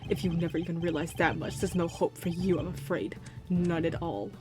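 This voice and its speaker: A woman's voice: fairly low pitch, fairly even intonation, brisk, lightly acted. Woman doing a sneering father chairman. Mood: contemptuous. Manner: contemptuous, sneering. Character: cold, scornful older male committee chairman. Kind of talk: fan voice-over of a game. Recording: game music playing behind.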